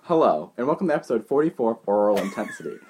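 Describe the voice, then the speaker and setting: A woman's voice: a bass voice, very animated, very fast, a little hiss or hum. A woman co-hosting a podcast in casual chat, giggling and fumbling her lines. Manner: giggly, keeps fumbling the intro. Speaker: podcast co-host.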